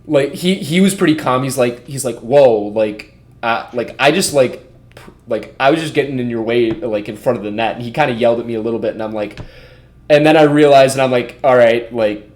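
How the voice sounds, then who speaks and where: A man's voice: medium pitch, fairly quick. A man co-hosting a podcast, telling a story in a rambling, casual way, full of "like" and frequent swearing. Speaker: podcast co-host. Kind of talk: casual storytelling among friends.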